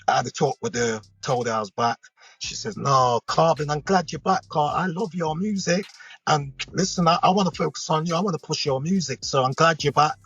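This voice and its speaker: A man's voice: medium pitch, vocal fry, husky, no echo. A British man, a hip hop artist, telling rambling stories in a casual interview and often checking in with the listener. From United Kingdom. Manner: rambling, animated storyteller who checks in with the listener. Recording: lo-fi recording with faint music behind.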